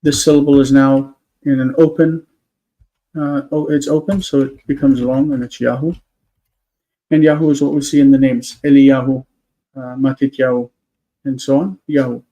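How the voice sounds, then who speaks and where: A man's voice: medium pitch, flat delivery, moderate pace, mellow, rough recording. A man on a live stream, explaining word forms step by step, thinking aloud with many fillers. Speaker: Hebrew teacher.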